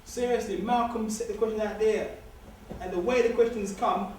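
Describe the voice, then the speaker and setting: A man lectures a student society in a loose, streetwise way, hammering points home by repeating them. His voice sits fairly high for a man and sounds distant, caught from across a big lecture hall with heavy echo and faint hiss behind it. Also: fairly even intonation, moderate pace, a little mellow. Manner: streetwise, joking, emphatic repetition. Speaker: guest speaker. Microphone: far room recording. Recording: distant echoey hall recording.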